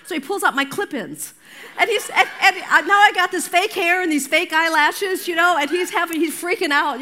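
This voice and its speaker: An older woman pastor delivers a sermon with a notably high-pitched voice. She talks conversationally and with energy, mixing scripture with personal anecdotes and playful asides to the congregation. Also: fairly quick. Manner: animated, conversational preaching with storytelling asides.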